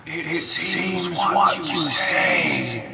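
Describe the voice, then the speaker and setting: A man voicing a vengeful mystical wisp spirit that guards a swamp, speaking slowly in an eerie, echoing, half-whispered voice. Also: on the high side, huge pitch swings, vocal fry, recorded from a distance, loud music behind the voice, voice pushed up, heavily acted. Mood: menacing. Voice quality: eerie echoing voice heard in the head. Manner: slow, drawn-out, half-whispered and half-shouted.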